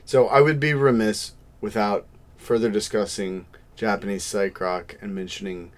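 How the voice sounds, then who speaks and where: Low-voiced man rambling about music. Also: fairly even intonation, moderate pace. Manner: rambling, self-deprecating music enthusiast. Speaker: podcast co-host. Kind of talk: casual chat.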